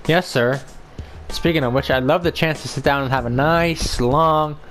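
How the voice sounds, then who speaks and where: A man's voice: fairly high pitch, normal speed, a bit bright, faint music behind, voice pushed up, natural voice. A man doing a stammering, flustered young guy. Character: nervous young man, earnest boyfriend and cop.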